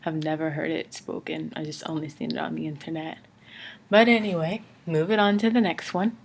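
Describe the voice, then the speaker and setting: This Brooklyn college student, a young adult, has a deep, gravelly voice and talks a little fast, with slight hiss or hum in the audio. Chatting in her dorm room for a casual accent challenge vlog, she stays relaxed but hesitant, peppering her speech with ums and likes.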